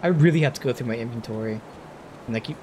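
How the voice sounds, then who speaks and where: Man, streamer, casual gameplay chatter, mid pitch, excitable bursts. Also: fast, a little hiss or hum. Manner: thinks aloud, bursts of excitement.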